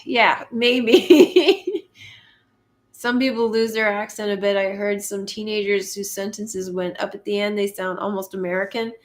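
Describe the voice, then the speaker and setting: Slow-talking Canadian woman hosting a live chat. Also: medium pitch. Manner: unhurried and conversational, with frequent ums and light laughs. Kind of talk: casual live-stream chat, answering viewer comments.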